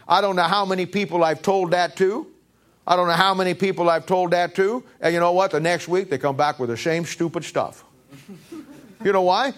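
A man delivers a sermon in a slightly higher-than-usual voice. He preaches emphatically, hammering points home with repeated lines and rhetorical questions. He often stumbles and restarts mid-sentence. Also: fairly bright tone. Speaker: pastor.

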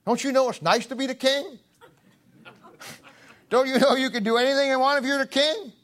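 A man's voice: very high-pitched, fairly even intonation, moderate pace, fairly bright tone, voice pushed up. A man voicing a bold archbishop who emphatically eggs the king on. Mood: urging. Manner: egging on, emphatic. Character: bold adult male archbishop adviser.

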